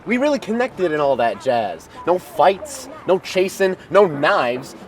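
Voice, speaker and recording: A man's voice: fairly high pitch, sing-song, measured pace. A man playing an easygoing guy who reassures his friend in a comedy sketch. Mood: reassuring.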